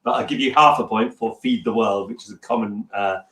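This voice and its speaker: A man hosting a casual home quiz livestream, talking loudly and reading song lyrics aloud with a laugh. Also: on the low side, brisk, echoey room. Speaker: quiz host.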